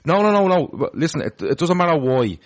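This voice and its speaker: A man's voice: on the high side, big pitch swings, a little fast. A man hosting a casual football podcast, chatty and full of restarts as he reads out viewer comments. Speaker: podcast host.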